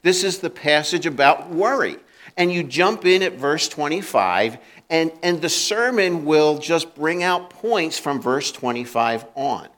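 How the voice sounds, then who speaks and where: A man's voice: on the high side, animated, unhurried, fairly bright tone. A male pastor preaching a conversational sermon, acting out the voices he quotes and often restarting and repeating his words.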